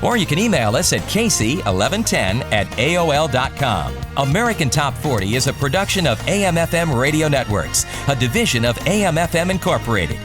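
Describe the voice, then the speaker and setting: Lively male radio countdown host. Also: a little high, a little fast, hardly any pauses, over music. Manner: smooth, lively announcer delivery. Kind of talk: scripted radio countdown announcing.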